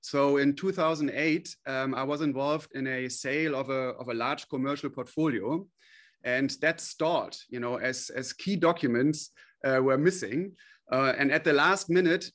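A man's voice: fairly high pitch, a bit bright. Hesitant man, company chief being interviewed. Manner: hesitant, many fillers and restarts, earnest. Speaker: company CEO, interview guest. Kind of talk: interview answers.

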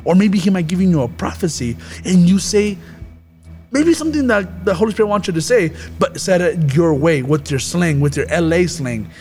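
A man's voice: sits high, lively intonation, normal speed, darkish tone, soft background music. A man hosting a casual Christian podcast, talking earnestly about the Holy Spirit with rambling restarts.

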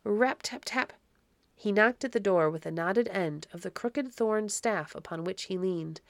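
A woman reads a classic children's novel aloud as a podcast narrator. Her delivery is measured and even, at a middling pitch. The recording is dry and close to the mic. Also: vocal fry, no room sound. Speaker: audiobook narrator.

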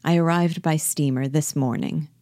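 Woman reading a timid sad widow, subdued, quiet, low dark tone. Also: fairly even intonation, normal speed, dry recording, studio quality, natural voice.

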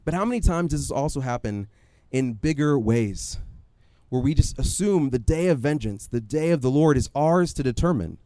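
A man preaching a sermon in a conversational, animated storytelling way, often acting out his own asides. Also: mid-range voice, moderate pace, dry recording. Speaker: pastor.

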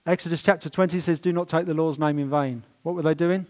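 A man preaching a sermon in a church, telling stories and stressing words with swings in loudness. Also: a little high, fairly even intonation, quick pace. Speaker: pastor.

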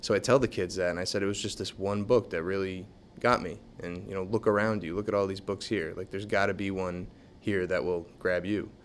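A man who works as a special education teacher, talking in a relaxed, reflective way in an interview. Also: sits low, fairly quick, hardly any pauses, slight background noise. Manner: relaxed, reflective, many fillers. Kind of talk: casual interview talk.

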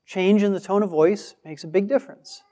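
A man's voice: sits high, fairly even intonation, a little fast, dark tone. A man preaching a sermon with emphasis, acting out the replies he quotes. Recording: long hall reverb.

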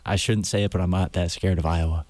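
A man's voice: sits low, fairly even intonation, fast, darkish tone, no room sound. A young man co-hosting a casual sports chat, hesitant and full of filler words. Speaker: co-host.

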